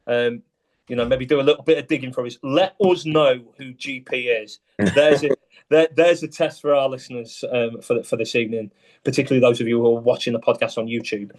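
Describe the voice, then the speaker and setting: A man hosting a casual podcast, chatty and jokey with frequent ums. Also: mid-range voice. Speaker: podcast host.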